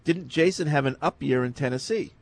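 A man co-hosts a casual sports talk show, reading listener emails aloud. His voice sits a little high. He lays out his opinions in a calm, measured way. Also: no echo.

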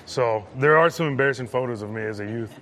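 A man's voice: medium pitch, fast talker, a bit bright, slight background noise. Good-humored male athlete. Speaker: football player. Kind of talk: casual interview answer.

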